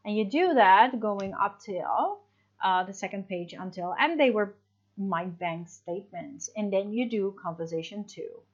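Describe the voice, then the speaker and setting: A woman's voice: medium pitch, muffled recording. A woman teacher talking through a recorded online English lesson in a chatty, explaining way, full of little fillers.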